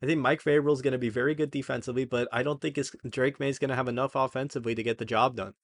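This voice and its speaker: A young man talks through his sports predictions in a casual, rambling way, often backing up and correcting himself. His voice sits at a middle pitch for a man. The sound is dry and close, with no room echo. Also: steady tone, very fast. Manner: chatty, rambling, self-correcting. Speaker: sports video host.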